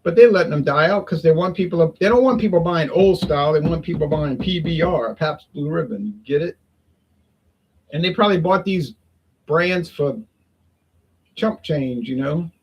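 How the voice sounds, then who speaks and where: Casting: gravelly, husky-voiced man, rambling folksy vlog chat at home. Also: a little high, normal speed, dull audio. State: sweating in the heat. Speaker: beer review vlogger. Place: home in Toronto, windows open.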